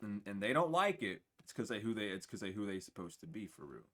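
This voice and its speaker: A man's voice: on the low side, fast. A man in his twenties giving a casual spiritual reading to camera, blunt and profane, tired and with the hiccups. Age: 20s. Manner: blunt, profane, animated, acts out other people's voices. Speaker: tarot reader. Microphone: camera mic.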